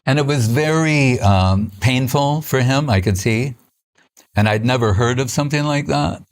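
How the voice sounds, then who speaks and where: An older man gives a relaxed spiritual talk and drifts from story to story. His voice sits at an ordinary middle pitch, and he often breaks off mid-phrase to restart. Soft chuckles run through his storytelling. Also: moderate pace. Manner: conversational storytelling with frequent restarts and soft laughs. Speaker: spiritual teacher. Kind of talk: informal spiritual lecture.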